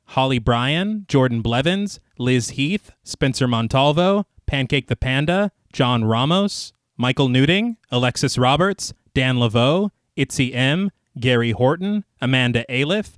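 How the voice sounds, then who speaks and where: Man with a clear voice reading names. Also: medium pitch, no echo, studio quality. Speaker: podcast co-host. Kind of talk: reading a patron thank-you list.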